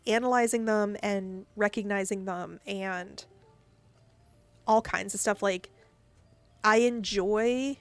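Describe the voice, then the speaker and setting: Slow-talking chatty woman streamer. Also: mid-range voice. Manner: chatty and rambling, laughs easily. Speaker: game streamer. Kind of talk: casual gaming stream chat.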